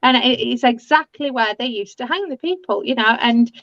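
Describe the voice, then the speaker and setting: A woman's voice: a little high, normal speed, a bit bright, dry recording, dull audio. A woman hosting a casual chat, talking in a chatty, rambling way with many "you know"s.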